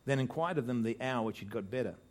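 Animated Australian pastor preaching. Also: male voice, mid-range voice, fast talker. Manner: animated preaching with jokes and frequent restarts, voice swelling for emphasis. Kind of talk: sermon.

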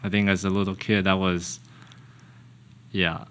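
A young man as a podcast guest, talking casually in a halting, hesitant way with frequent restarts. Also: low-pitched, little pitch movement, fairly bright tone.

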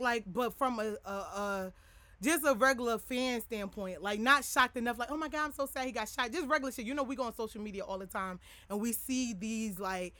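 A young adult woman hosts a podcast, chatting candidly and casually with her listeners in a rambling style full of filler words. Her voice sits fairly high with a sharp tone, and there's no room sound.

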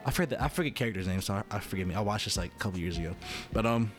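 A man's voice: fairly low pitch, rapid-fire, soft background music. A man talking casually to his viewers in a rambling, profane monologue that keeps interrupting itself. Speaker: vlogger.

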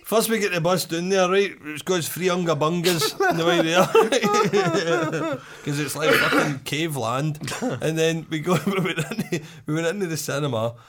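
A man's voice: a little high, animated, a little slow, very noisy. A Scottish man telling a rambling story in casual chat, swearing freely and laughing often.

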